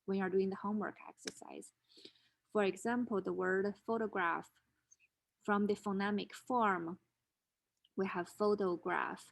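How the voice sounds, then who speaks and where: A woman's voice: mid-range voice, gravelly. A woman instructor giving a methodical recorded lecture, explaining rules step by step with examples. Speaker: linguistics instructor.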